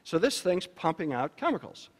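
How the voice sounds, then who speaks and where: A man speaking at a luncheon, giving an educational talk to parents in an animated, storytelling manner. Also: moderate pace. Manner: animated storytelling with shifts in pitch and loudness. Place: banquet hall. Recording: reverberant hall.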